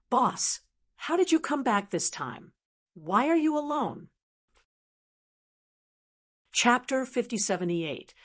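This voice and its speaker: A woman narrating a translated fantasy novel as an audiobook in an even, steady storytelling manner. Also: medium pitch. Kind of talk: scripted narration.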